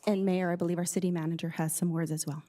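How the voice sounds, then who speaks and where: A woman's voice: lowish voice, flat delivery, fast, warm tone, slight background noise. A woman serving as city clerk at a council meeting, formally reading a statement into the record with some hesitations.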